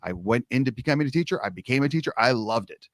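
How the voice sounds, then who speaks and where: A middle-aged man, a long snapping coach, telling his story as a guest in a casual interview, lively and playing out the dialogue as he goes. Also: medium pitch, quick pace, dry recording, studio quality. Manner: lively storyteller who acts out quoted dialogue.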